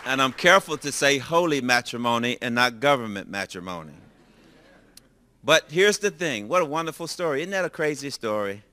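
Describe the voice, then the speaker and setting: Bright-voiced older man telling a story. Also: mid-range voice, brisk, some chatter behind. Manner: lively, animated storytelling with acted-out dialogue. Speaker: speaker telling a personal story. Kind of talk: storytelling sermon.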